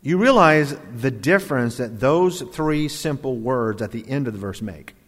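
A man preaching a sermon as pastor, animated and jokey with quoted asides. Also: mid-range voice, normal speed. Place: church. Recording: long hall reverb.

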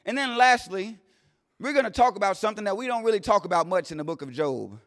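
A man preaching a sermon in a plain-spoken way, swinging between loud declarations and hushed asides. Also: high voice, expressive, fast talker. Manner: plain-spoken, vernacular phrasing. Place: church sanctuary. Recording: long reverb of a large hall.

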